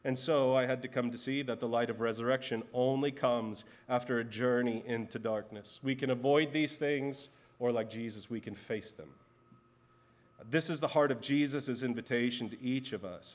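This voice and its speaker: A man in his thirties, a pastor, preaching a sermon in a conversational way and telling personal stories. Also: medium pitch.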